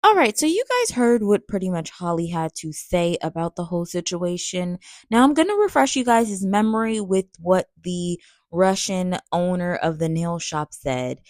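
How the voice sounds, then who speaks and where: Female host, chatty, low-pitched, dry close-miked. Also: big pitch swings, moderate pace, darkish tone, no echo. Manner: chatty, addresses listeners directly. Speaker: podcast host. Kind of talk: commentary recap.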